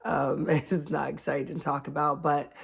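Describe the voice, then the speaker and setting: Chatty woman in her late 30s, low voice, laughs a lot and acts out what people said. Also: little pitch movement, moderate pace, vocal fry, breathy edge. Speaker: vlogger. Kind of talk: casual chat.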